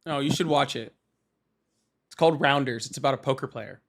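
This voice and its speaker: A man hosting a live call-in show, firing off quick teasing questions at a caller. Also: medium pitch, fairly bright tone. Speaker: show host.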